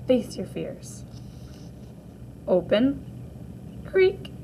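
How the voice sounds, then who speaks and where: A woman teacher reading a graphic novel aloud to children, gently reading out the captions and sound effects too. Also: mid-range voice, normal speed, creaky, slight background noise, low-quality recording.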